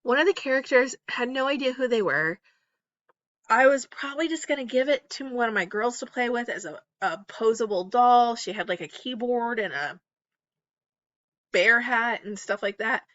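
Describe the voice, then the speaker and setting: A middle-aged woman talking casually about reselling online while she lists items, candid and quick to laugh at herself. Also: on the high side, expressive, a bit bright, no echo, highs cut off. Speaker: eBay reseller and YouTuber. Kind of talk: casual list-with-me chat. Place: home, at night. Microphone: close, off camera.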